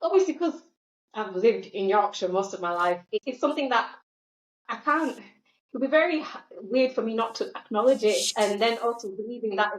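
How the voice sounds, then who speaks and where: A young woman from Tanzania who was raised in northern England, a podcast guest talking in a reflective, halting way with frequent restarts. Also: fairly high pitch, expressive. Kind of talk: casual podcast chat. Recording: roomy, dull-sounding podcast mic.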